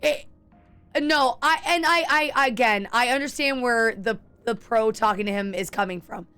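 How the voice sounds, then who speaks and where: A young adult woman chatting on a game stream, candid and rambling, often restarting her sentences and cursing casually. Her voice sits a bit high and comes across smooth and clear. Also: moderate pace, pushed and bright, faint music behind. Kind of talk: casual chat while gaming.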